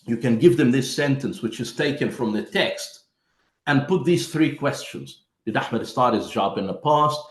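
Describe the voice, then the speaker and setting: A man's voice: medium pitch, normal speed, echoey room. A man giving a lesson to teachers, explaining step by step and calling his listeners "my friends". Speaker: teacher trainer.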